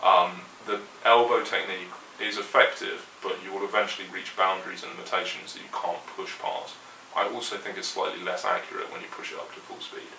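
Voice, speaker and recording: Low-voiced man teaching guitar. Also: fairly quick. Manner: relaxed, opinionated, counts along to the click. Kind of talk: instructional explanation. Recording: roomy echo, mic at a distance, faint hiss.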